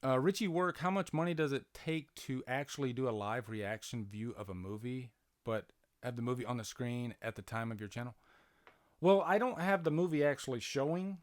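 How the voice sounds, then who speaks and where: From home, near a TV that's playing, a man hosts a casual live-stream movie commentary for his channel. He speaks at a normal speed in a mid-range voice, chatty and full of fillers and restarts, reading out viewer comments and answering them.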